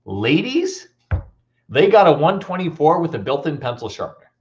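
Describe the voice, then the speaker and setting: Animated, playful male storyteller. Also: on the high side, moderate pace, dull audio. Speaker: motivational speaker. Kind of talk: motivational talk with comic stories.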